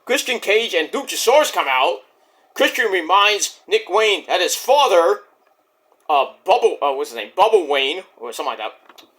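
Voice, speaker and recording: A man with a fairly high, bright voice recaps a wrestling show in a loose vlog. His pitch swings widely as he rambles and swears casually. He keeps stumbling through fillers as he goes. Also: big pitch swings, moderate pace. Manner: rambling, profane, many fillers.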